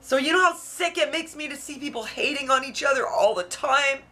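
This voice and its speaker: A woman's voice: high-pitched, brisk, pushed and bright. A woman venting on her video blog, outspoken and frustrated, swearing freely as she talks. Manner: heated, frustrated. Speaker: YouTuber. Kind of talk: emotional vlog rant. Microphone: camera mic.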